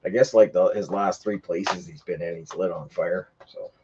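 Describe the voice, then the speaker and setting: Rambling through a lengthy story with many fillers and restarts, this man hosting a casual livestream grows heated in the retelling. He speaks low at a normal speed with a steady tone, over dull audio with background noise.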